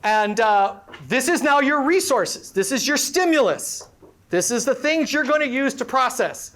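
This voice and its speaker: Energetic woman workshop presenter with a high voice, playful, quizzes the crowd. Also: a little slow. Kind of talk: interactive workshop talk to a live audience. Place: live event before an audience.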